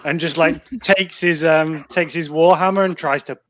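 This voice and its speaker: A man's voice: fairly high pitch, steady tone, moderate pace, fairly bright tone. A man playing a tabletop game, hesitantly describing his character's moves, with many fillers. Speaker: player.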